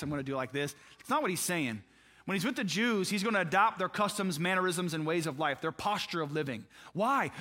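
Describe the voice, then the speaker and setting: This man's sermon feels like a conversation: he asks the audience questions and acts out quick dialogues among the story's figures. His pastor's voice is high-pitched, bright and forceful.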